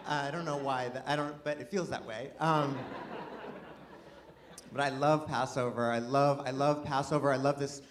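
A man's voice: medium pitch, steady tone, normal speed, noisy background. A man doing a stand-up comedy set, rambling and self-deprecating with many restarts. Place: live comedy venue with audience laughter. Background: audience laughter.

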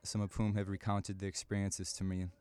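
A man from the Chicago area giving a measured, prepared talk on the radio, with occasional fillers and self-corrections. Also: low voice, monotone, a little mellow, clean tone. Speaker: radio presenter and publisher.

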